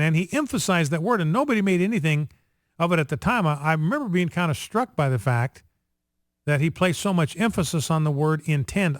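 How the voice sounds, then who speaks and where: A man's voice: a little high, animated, fairly quick, dry recording, studio quality. A male radio talk show host giving opinionated political commentary, with many fillers and restarts.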